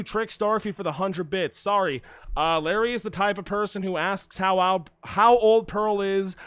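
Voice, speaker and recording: A man's voice: high voice, bright, forceful tone, no room sound. A man streaming a game, casually commenting and reading dialogue with irreverent, sarcastic asides and frequent swearing. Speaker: let's play streamer.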